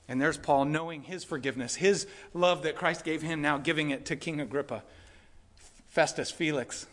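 A high-pitched man delivering a Sunday sermon. He moves between quiet explanation of scripture and loud, impassioned preaching. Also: fairly quick. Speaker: pastor.

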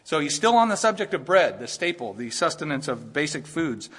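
A man's voice: on the high side, very animated, brisk, fairly bright tone, slightly rough. A man preaching a sermon in an earnest, conversational way, rising to emphatic points. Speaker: pastor.

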